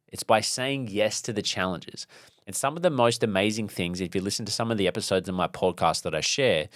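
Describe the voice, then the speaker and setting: A man's voice: fairly low pitch, a bit bright, no echo, studio quality. A man hosting a podcast, telling a motivational story in a rambling, casual way with many fillers and restarts. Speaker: podcast host.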